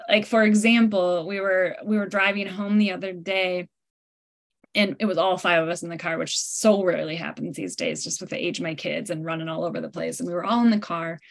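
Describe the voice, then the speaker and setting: A woman's voice: lowish voice, steady tone, fairly quick, creaky. A middle-aged woman hosting a podcast, telling a family story in casual, filler-heavy conversation. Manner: chatty, storytelling, frequent "like" fillers. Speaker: podcast host. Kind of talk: casual interview chat.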